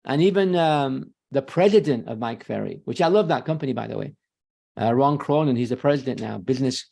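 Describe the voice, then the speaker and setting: Confident male sales trainer with a gravelly, mid-pitched voice, emphatic and quick to correct himself. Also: dark tone. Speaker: real estate sales trainer. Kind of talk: guest talk on a sales webinar.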